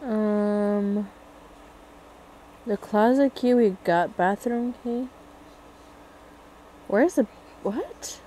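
A woman's voice: mid-range voice, very slow, pauses often, warm tone, slight background noise, rough recording. A young woman giving casual commentary as she plays a horror game, thinking aloud and getting jumpy and scared as it goes on. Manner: thinking aloud, jumpy and frightened during chases. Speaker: gaming video creator.

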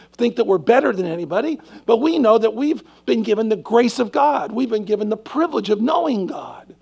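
A male pastor delivers an earnest, emphatic sermon, pressing rhetorical questions on his congregation. His voice sits fairly high and is heavily gravelly with a husky edge. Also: a little mellow.

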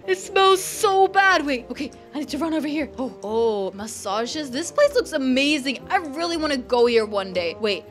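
A young woman commentates her game in a somewhat high, bright-toned voice. She gasps and squeals with excitement, then drops to a hushed, conspiratorial murmur as she sneaks around. Faint music plays behind her. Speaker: gaming channel host. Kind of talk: playful gameplay commentary.

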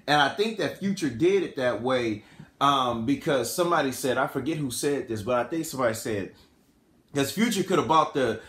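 Animated man telling a story in AAVE. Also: mid-range voice, moderate pace, echoey room. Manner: rambling, self-correcting, animated. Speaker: podcast host. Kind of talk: casual storytelling commentary.

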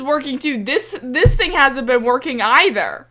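A woman's voice: sits high, lively intonation, measured pace, long pauses, pushed and bright. A young woman giving casual, chatty commentary over her gameplay, often exasperated and talking back to the game's characters. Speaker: gaming creator.

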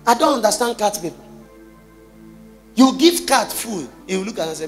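A Nigerian pastor preaches with a high, swinging voice that leaps between soft asides and shouted points. He fires rhetorical questions at the congregation. Faint music plays behind him. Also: animated, moderate pace. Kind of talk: sermon.

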